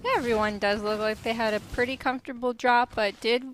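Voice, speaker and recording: A woman's voice: fairly high pitch, fairly even intonation, a little fast, slight background noise. A woman giving casual analyst commentary on an esports match, friendly and chatty with frequent fillers.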